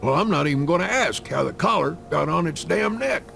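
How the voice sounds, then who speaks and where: A man voicing a grumpy, short-tempered middle-aged father who speaks in gruff, curt lines in a story game. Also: on the high side, expressive, brisk, sharp tone, faint music behind, heavily acted.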